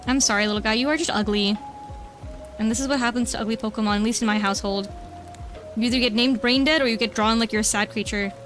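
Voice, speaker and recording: Soft music plays behind a young vtuber streaming from home, who draws while making casual conversation with viewers and coos at her cat in baby talk. Bubbly and chatty, she talks fast in a slightly high, fairly bright voice with a steady tone.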